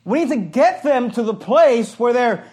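A male pastor preaching a sermon in an animated, joking way, at times shouting. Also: very high-pitched, normal speed.

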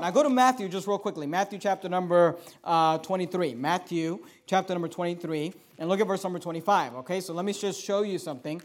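A man preaching a sermon, reading scripture slowly and swinging between quiet asides and emphatic, louder points. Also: high-pitched.

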